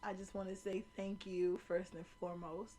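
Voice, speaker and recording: A woman hosts a casual podcast from home, telling stories in an animated, salty voice. Her pitch sits in the middle for a woman. A faint hum and light noise run under her voice. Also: moderate pace. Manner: animated, profane storytelling with loud acted-out quotes. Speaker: podcast host. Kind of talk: casual storytelling chat. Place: home room near a kitchen window.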